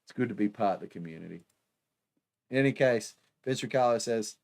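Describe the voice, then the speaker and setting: A man's voice: medium pitch, normal speed, vocal fry, darkish tone. A man from Australia with an Australian accent, hosting a live stream and chatting casually through viewer comments, with lots of fillers and laughs. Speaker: livestream host.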